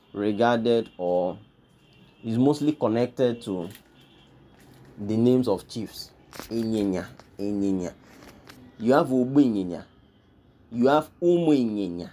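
A man's voice: mid-range voice, dark tone. A man, hosting a history lesson, walking through a pictured list and repeating each name with emphasis. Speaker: history channel host. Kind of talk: explaining pictured lists of names.

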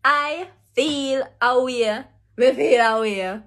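A woman's voice: high-pitched, slow pace, fairly bright tone. A woman with a Jamaican accent giving an exasperated, sassy comic rant.

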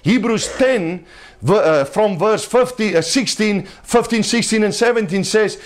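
A man with a notably high-pitched voice delivers a sermon to a small group gathered in a home. He preaches emphatically but conversationally, breaking into light laughter as he talks. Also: a little slow.

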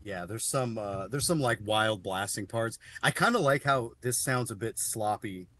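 A man's voice: fairly low pitch, animated, moderate pace, bright, forceful tone. A man hosting a podcast, asking his guest questions in an easygoing, rambling way with many uhs. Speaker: podcast host. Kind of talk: casual chat.

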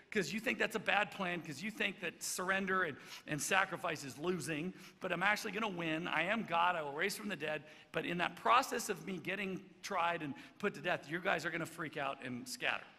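A man voicing a calm male teacher who explains with easy confidence. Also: high-pitched, a little fast, creaky, long reverb tail, full character voice. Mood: reassuring.

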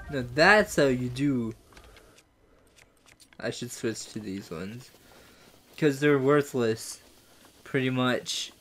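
A gaming YouTuber giving let's play commentary, excitable and goofy, swearing often and mocking themselves. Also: mid-range voice.

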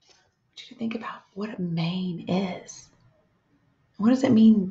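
Gentle woman teaching young kids. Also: lowish voice. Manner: slow, gentle, asks children questions and pauses. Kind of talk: read-aloud lesson for young children. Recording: echoey, dull lo-fi room sound.

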